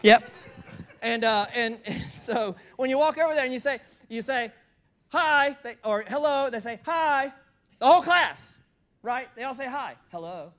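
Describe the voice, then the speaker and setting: Pastor, male, high and bright, emphatic repetitive preaching with rhetorical questions. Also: normal speed. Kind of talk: sermon. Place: church in Georgia.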